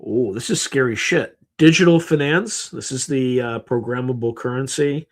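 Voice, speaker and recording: A man's voice: a little high, moderate pace. A man hosting a live stream, tired and yawning, reading through a list in a casual, offhand way with sarcastic asides. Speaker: livestream host.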